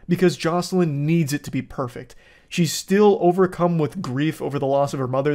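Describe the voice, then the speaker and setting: A man's voice: on the high side, darkish tone. A young man giving casual, rambling commentary on a TV show, crude and amused. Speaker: show reviewer.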